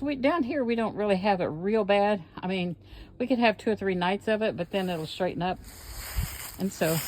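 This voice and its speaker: An older Kentucky woman with an Appalachian Southern accent vlogs from home, chatting in a homey, rambling way and sounding a bit out of breath as she walks her yard and then cooks in her kitchen. Her voice is on the low side with a darkish tone, and there is slight background noise.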